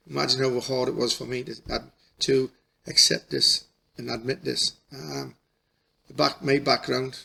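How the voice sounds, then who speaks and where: Gravelly man, halting storyteller. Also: medium pitch, bright, forceful tone. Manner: halting, repeats and restarts, folksy dialect. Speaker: spiritual healer. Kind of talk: emotional personal storytelling.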